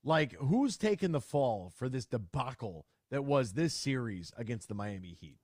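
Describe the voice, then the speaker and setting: Man, sports radio host, energetic banter, mid-pitched, dry close studio mic. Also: moderate pace, no echo. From Michigan. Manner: energetic, lively, playful with quoted voices. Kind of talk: sports talk radio and read ad.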